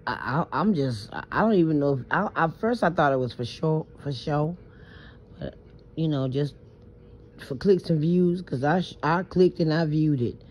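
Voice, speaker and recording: A woman from New Orleans in the Southern US rambles through a late-night confessional vlog from her bed. Her voice is low, animated and a little mellow at a moderate pace, and she stammers, speaks emphatically and swears freely. The phone audio is muffled and lo-fi with a little hiss or hum.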